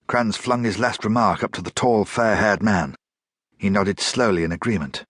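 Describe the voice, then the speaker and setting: Husky low-voiced male audiobook narrator. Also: normal speed, fairly bright tone, no echo, studio quality. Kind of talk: scripted narration.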